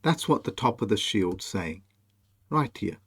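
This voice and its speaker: A man presenting a monologue over on-screen images, slow, emphatic and commanding as he speaks straight to the viewer. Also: fairly low pitch, expressive, a bit bright, slightly rough. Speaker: video presenter.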